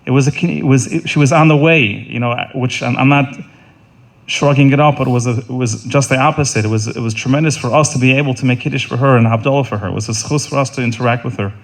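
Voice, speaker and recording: A middle-aged man delivering a funeral eulogy in an earnest, halting way, often repeating words and restarting. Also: medium pitch. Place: funeral service.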